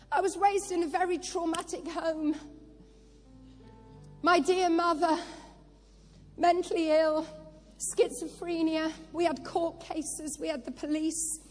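A woman preacher with a very high voice delivers a slow, deliberate sermon that swells into impassioned, tearful declarations. Her words ring out through a large hall with a long reverb tail, while soft music plays underneath. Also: little pitch movement. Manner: testimony building to impassioned prophetic cries.

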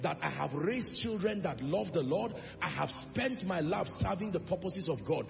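Male preacher, high and gravelly, emphatic sermon delivery, echoing church hall with music underneath, dull lo-fi sound. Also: expressive, normal speed, few pauses. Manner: emphatic preaching with rhetorical questions. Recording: reverberant lo-fi hall recording with music.

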